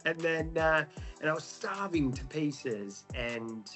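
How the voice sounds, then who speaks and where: A man's voice: fairly high pitch, lively intonation, takes it slowly, fairly bright tone, soft background music. A young man with an Australian accent, telling his story as a guest in an interview, joking often and filling with ums and restarts. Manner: jokey, many ums and restarts.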